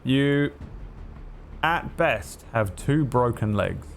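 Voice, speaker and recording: A man's voice: mid-range voice, lively intonation, extremely slow, creaky, a little hiss or hum. A man narrating a tabletop game as game master, vivid and descriptive with frequent fillers.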